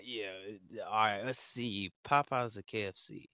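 A man co-hosts a casual podcast chat, laid-back and slangy, asking the questions. His voice is on the low side and a little slow, captured dry with no echo on a slightly muffled lo-fi mic.

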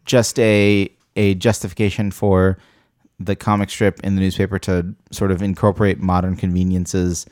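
A man co-hosting a casual talk show about a movie, relaxed and wry as he explains things. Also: low voice, moderate pace, no echo, clean studio sound. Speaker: podcast co-host.

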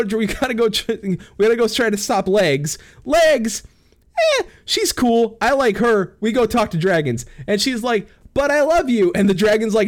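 Man, high voice with a wide bouncing range, profane comic storyteller who laughs constantly and acts out the characters. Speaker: storyteller recapping a game plot. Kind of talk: rambling comedic recap.

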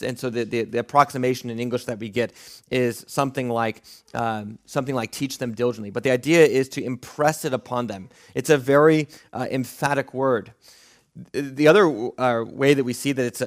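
A man preaching an expository sermon, explaining a passage in an earnest, teacherly way with frequent restarts and fillers. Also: mid-range voice.

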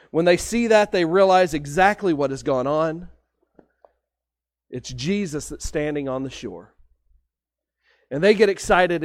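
Pastor, light high voice, storytelling sermon, dry recording. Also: male voice, no room sound. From Texas. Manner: conversational storytelling preaching.

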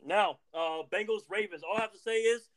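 A man's voice: high-pitched, brisk. A man hosting a casual sports chat, hyped and repetitive, tossing in "bro". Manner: hyped, repeats himself, says bro. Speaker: podcast host.

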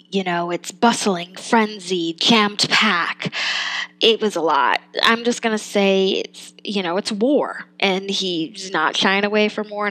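A young adult woman talks through a film review in a loose, chatty way. She thinks out loud, trails off into fillers and laughs at herself, at a middle pitch for a woman. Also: poor audio. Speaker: podcast host reviewing a film. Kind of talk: casual spoken film review.

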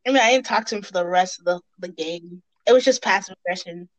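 A woman's voice: lowish voice, fast talker, rough recording. A young woman in casual chat, telling game stories expressively and laughing often. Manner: lively, expressive storytelling with laughter.

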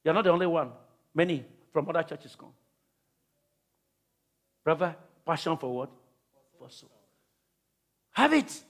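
A man preaching as pastor at a church service, calling out to the congregation with repeated phrases, then shouting prayers. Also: a little high, animated, a little slow, long pauses. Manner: repetitive, calls out to the congregation. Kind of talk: sermon and prayer.

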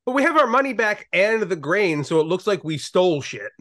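A man's voice: high voice, big pitch swings, a little fast, a bit bright, dry recording, clean studio sound. A male pastor co-hosting a casual Bible podcast, reading scripture and ranting irreverently with casual swearing.

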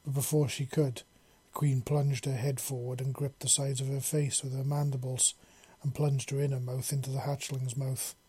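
A man narrating a story in a steady reading voice. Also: medium pitch, normal speed, slightly rough.

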